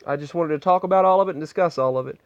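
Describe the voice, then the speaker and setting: Earnest halting man, dry close sound. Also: on the high side, clear, resonant tone, no room sound. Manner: earnest, halting, many restarts. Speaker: vlogger. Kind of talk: personal storytelling vlog. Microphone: earbud microphone. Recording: muffled, dull sound.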